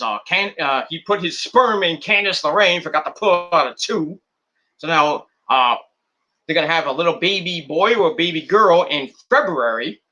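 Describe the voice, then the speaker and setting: A man's voice: on the high side, sharp tone. A man recapping and rating a wrestling show in a rambling, casual vlog, full of crude jokes and swearing.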